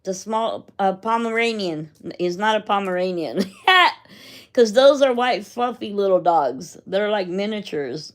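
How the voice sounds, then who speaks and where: A woman's voice: medium pitch, lively intonation, moderate pace, few pauses, darkish tone. A middle-aged woman in casual chat, rambling from one story to the next and laughing often. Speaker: vlogger.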